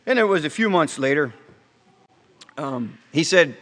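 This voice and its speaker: A man preaching a sermon in a conversational, storytelling way, asking the congregation questions and slowing down to stress key points, with frequent restarts. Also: on the high side, expressive, fairly bright tone. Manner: halting restarts, slows for emphasis. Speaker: pastor. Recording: long hall reverb.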